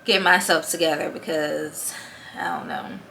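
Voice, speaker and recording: Young woman vlogging, lower voice, kinda breathless, laughs a lot, faint background hum. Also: sing-song, unhurried, sharp tone. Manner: chatty, laughs often between thoughts. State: short of breath, with a headache. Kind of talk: casual pregnancy update vlog.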